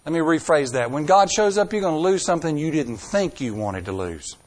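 A middle-aged man preaching a sermon. He talks emphatically, with dramatic swings in loudness and pace, and asks the congregation rhetorical questions. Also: a little high, very animated, fairly quick.

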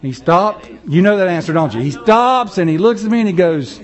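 A man preaching a sermon, moving between loud, rising passages and low, slow, soft ones, chuckling often. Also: lively intonation. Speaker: pastor.

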